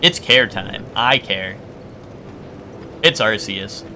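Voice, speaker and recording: Taking his time, a man with a fairly low, expressive voice that sounds pushed and bright streams a game and chats casually. He wanders off on tangents, corrects himself and banters argumentatively with viewers, over slight background noise.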